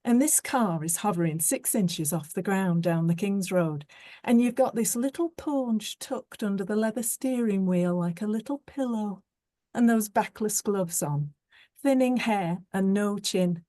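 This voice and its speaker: A teasing young woman with a sharp tongue, read by a woman narrator, mocking and playful. She speaks slowly and mellowly, in a dry, close recording. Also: mid-range voice, dry recording, lightly acted.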